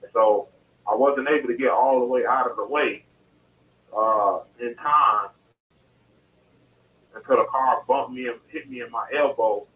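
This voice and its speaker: A man's voice: mid-range voice, a little slow, long pauses. A man being interviewed, telling his story in detail and in a casual way, often restarting and repeating phrases. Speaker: interview guest. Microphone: phone call. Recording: tinny distant phone line.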